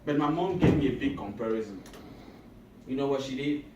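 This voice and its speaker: A man speaking to high school students in a motivational talk. He is emphatic and repetitive and often asks the audience questions. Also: a little fast, highs cut off, heavy background noise. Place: school auditorium or hall. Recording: echoey room recorded from a distance.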